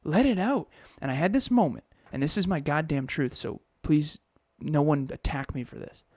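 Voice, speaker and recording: A man's voice: a little high, expressive, moderate pace, no echo, clean studio sound. A man in his thirties co-hosting a podcast, telling a personal story in an emotional, confessional way with frequent restarts. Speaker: podcast co-host.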